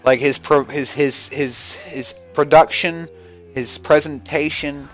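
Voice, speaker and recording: A male podcast co-host talks in a loose, rambling way, full of swearing and jokes. His pitch sits in the middle range. Faint music plays behind him. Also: fairly even intonation, slow. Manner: rambling, profane, joking. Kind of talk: casual chat.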